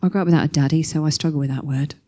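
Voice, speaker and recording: A woman preaching a sermon, telling a story with lively acted-out quotes. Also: low-pitched, very fast. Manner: animated storytelling, acting out quoted voices.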